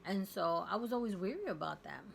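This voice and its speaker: A woman vlogger telling a personal story in a candid, emphatic way, dropping to a hush at tense moments. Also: medium pitch, lively intonation, fairly quick, gravelly, slight background noise. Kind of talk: casual storytelling.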